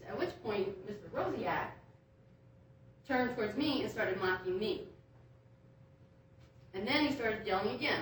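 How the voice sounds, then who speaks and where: A woman's voice: mid-range voice, expressive, moderate pace, slight background noise. A woman giving public comment at a hearing, recounting her complaints in an aggrieved way, with many ums. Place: large echoey meeting room. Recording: echoey room from a distance.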